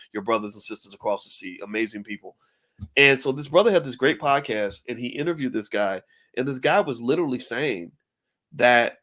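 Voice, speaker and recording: A middle-aged man giving casual commentary straight to camera, animated and often repeating words as he works through a thought. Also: medium pitch. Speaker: finance commentator.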